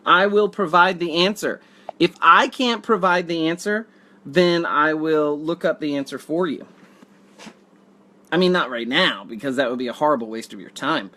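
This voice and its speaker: A man's voice: fairly high pitch, lively intonation, normal speed, sharp tone. A man hosting a casual live video, reading viewer comments and joking in a rambling, dry way. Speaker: livestream host.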